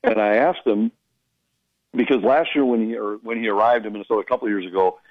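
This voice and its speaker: A man's voice: fairly low pitch, fast talker, no echo. Storytelling man, dull radio sound. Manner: storytelling, animated, amused. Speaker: hockey play-by-play broadcaster. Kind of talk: casual radio chat.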